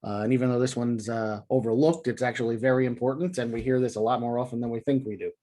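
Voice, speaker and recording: A man hosting a video lesson on poetic meter, explaining in a relaxed, casual way with many fillers. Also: medium pitch. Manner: reads poem lines slowly and rhythmically. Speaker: poetry teacher and video host.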